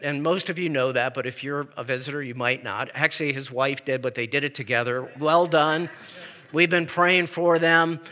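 A male pastor delivers a Christmas Eve sermon to his congregation. He talks in a loose, conversational way, full of asides and restarts. His voice sits a bit high and rings bright.

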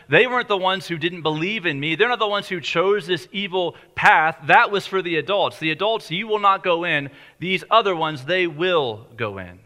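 A man preaching a sermon, his voice fairly high and bright. He talks in a conversational way and slows down to stress key lines. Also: animated. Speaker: pastor.

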